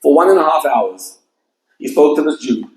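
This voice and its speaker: A man's voice: a little high, animated, moderate pace, a little mellow. Casting: male rabbi, emphatic storyteller, sermon delivery, roomy recording. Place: event hall with audience.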